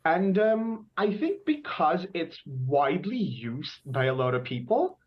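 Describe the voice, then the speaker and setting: A man with a Filipino accent, answering speaking-test questions as a candidate in a thoughtful, measured way. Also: fairly high pitch, big pitch swings. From Philippines. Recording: dull video-call audio.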